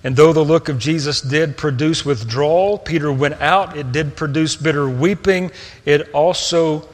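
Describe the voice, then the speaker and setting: A man preaching a sermon, earnest, moving between hushed tender passages and raised emphatic ones. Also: fairly high pitch, normal speed. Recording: long reverb of a hall.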